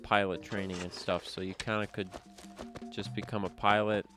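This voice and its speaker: A man's voice: on the low side, level tone, normal speed. Man rambling a joking story. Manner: offhand, jokey, rambling. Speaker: gaming channel host. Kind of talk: rambling storytelling over gameplay. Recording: music playing behind.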